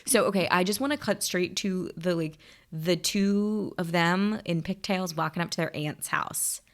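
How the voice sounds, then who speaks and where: A woman's voice: fairly low pitch, measured pace. A woman in her thirties co-hosting a podcast, chatty and jokey, laughing often. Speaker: podcast co-host. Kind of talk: casual chat.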